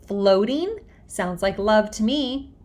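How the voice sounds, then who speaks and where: A woman's voice: mid-range voice, animated, slow, darkish tone. A woman doing a teasing bossy preteen girl. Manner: teasing, sing-song.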